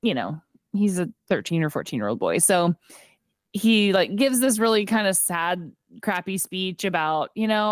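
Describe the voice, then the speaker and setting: Woman, podcast co-host, lively pitch, acts out characters' lines, dry close sound. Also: normal speed, dry recording. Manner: animated retelling, acting out characters' lines; frequent "like" fillers and laughter. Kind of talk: casual movie recap chat.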